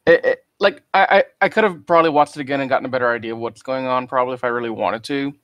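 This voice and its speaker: Relaxed, rambling man on a podcast. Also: medium pitch, very fast, dry recording, muffled recording. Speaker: podcast co-host. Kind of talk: casual podcast chat.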